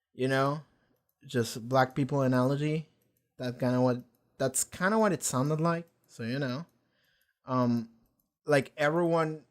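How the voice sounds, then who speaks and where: A young man hosting a casual reaction video, rambling through an episode with lots of fillers and swearing. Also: medium pitch. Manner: loose and rambling, swears a lot, many fillers.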